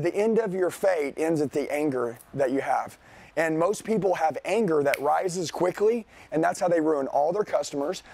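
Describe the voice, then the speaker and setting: A fired-up man preaches sales and mindset to a seminar audience, cursing freely and hammering his points home. His voice sits a little high with a gravelly edge. The sound is close and dry. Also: a little mellow, no room sound. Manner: profane, blunt, fired-up, addresses the crowd directly. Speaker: sales trainer. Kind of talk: motivational seminar talk. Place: seminar room with a live audience.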